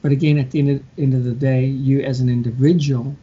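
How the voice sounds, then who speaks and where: A man chatting casually, telling stories and acting out scammers and their victims in quick mock voices. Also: mid-range voice, flat delivery, dark tone, husky. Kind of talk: casual chat. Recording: dull lo-fi sound.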